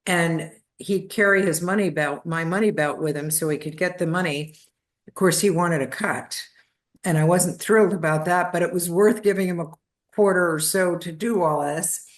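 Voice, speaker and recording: A woman in her seventies, a podcast guest, telling a childhood story in a lively, anecdotal way. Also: on the low side, moderate pace. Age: 70s. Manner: lively anecdotal storyteller, acts out voices of family.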